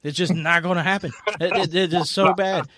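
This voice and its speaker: A man hosting a casual sports chat, excitable, laughing often and stumbling over repeated words. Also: sits high, fairly quick, no room sound, clean studio sound. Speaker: sports talk host.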